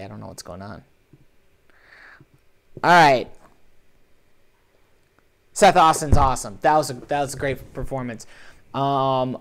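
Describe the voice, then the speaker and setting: A man hosting a live online show, commenting on competition videos with animated, joking, playfully sarcastic energy. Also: mid-range voice.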